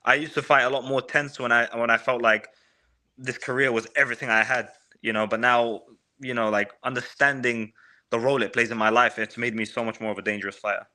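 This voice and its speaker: A man's voice: mid-range voice, fairly even intonation, brisk, sharp tone. A young man, a fighter, answering questions in a casual video-call interview, speaking emphatically and often calling the host bro. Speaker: MMA fighter.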